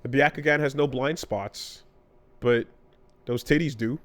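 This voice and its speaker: A man's voice: mid-range voice, a little slow, background noise. A man co-hosting a casual podcast, retelling a story with acted-out character voices and lots of swearing. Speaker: podcast co-host.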